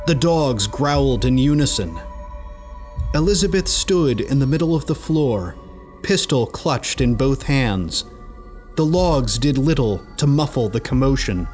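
Slow, deliberate man narrating a horror story. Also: medium pitch.

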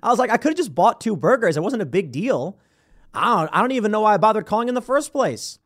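Animated high-voiced man telling a story. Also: fast. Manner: rambling, animated, acts out quoted voices. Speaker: show host. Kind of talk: casual storytelling and commentary.

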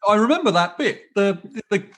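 A podcast host with a high-sitting, slightly bright voice talks in an animated, a little fast way. During a casual interview chat, he rambles and corrects himself while telling stories and asking questions.

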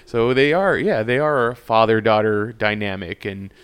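Guy rambling through a casual podcast chat, smooth resonant voice, keeps restarting his sentences. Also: fairly low pitch, moderate pace, fairly bright tone. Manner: rambling, self-correcting, laughs often. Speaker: podcast co-host.

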